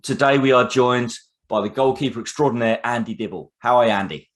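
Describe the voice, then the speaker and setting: A male podcast host with a middle-pitched voice who talks in a casual, easygoing way. He often pauses and fills gaps with "um" as he introduces guests and asks questions. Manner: hesitant with frequent fillers. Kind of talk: casual interview.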